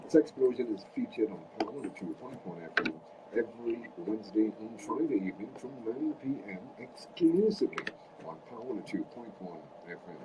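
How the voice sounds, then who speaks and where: A man's voice: lowish voice, lively intonation, moderate pace. A man co-hosting a radio show, joking and chiming in, then reading station details. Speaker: radio co-host. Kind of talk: casual radio banter. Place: radio studio. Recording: distant mic with background noise.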